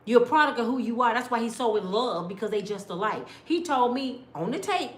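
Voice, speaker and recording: A middle-aged woman telling stories in a blunt, animated way, sometimes mimicking other people's voices. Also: fairly high pitch, fairly quick, reverberant. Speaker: storyteller. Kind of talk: casual storytelling rant.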